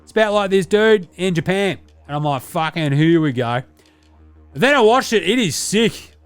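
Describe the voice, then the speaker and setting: A man's voice: sits high, animated, moderate pace, clean tone, no room sound, soft background music, pitched above the performer's own voice. A man voicing a brash, sweary Australian larrikin bloke who rambles in crude slang with an Australian accent. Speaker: podcast character segment.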